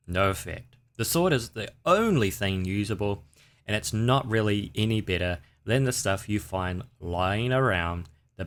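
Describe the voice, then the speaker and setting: A man's voice: on the low side, a bit bright. A man hosting a casual livestream, rambling and chatting with his viewers. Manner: rambling, chatty, talks to chat. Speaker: livestream host.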